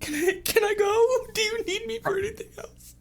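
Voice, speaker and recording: A man voicing a shy young woman twin who is timid and tearful, squeaky and panicked. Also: steady tone, normal speed.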